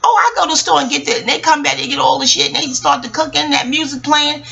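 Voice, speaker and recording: Talking quickly in a high, creaky voice, a New York woman in her forties reviews a book, drifting into profane, lively stories about her childhood with plenty of side comments. The sound is lo-fi.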